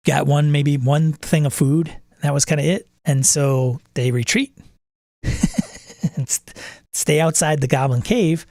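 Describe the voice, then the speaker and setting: A man's voice: medium pitch, measured pace, long pauses, no room sound, studio quality. A man hosting a casual chat about running tabletop games, telling stories and acting out his players' lines. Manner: animated storyteller who acts out players' quips. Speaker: game master and podcast host.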